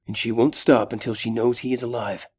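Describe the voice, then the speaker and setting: Brief: male audiobook narrator, steady and dramatic, mid pitch. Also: brisk, slightly rough.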